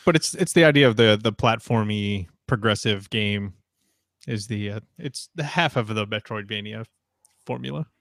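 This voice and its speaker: A man's voice: on the low side, moderate pace, creaky, a bit bright, dry recording, clean studio sound. A man in his thirties chatting casually on a podcast, rambling with lots of fillers. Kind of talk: casual chat.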